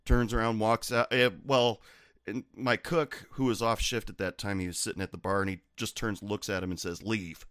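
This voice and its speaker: A man's voice: on the low side, fairly even intonation, moderate pace, fairly bright tone, clear, resonant tone, no echo, studio quality. A man, a bartender, telling stories from his bar in a casual, sardonic, profane way. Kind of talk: casual storytelling.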